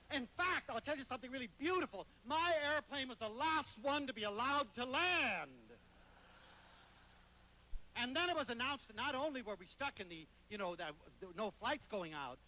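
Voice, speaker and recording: A man giving a motivational lecture, telling anecdotes dramatically with sudden swings between loud and soft. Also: very high-pitched, poor audio. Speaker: motivational speaker.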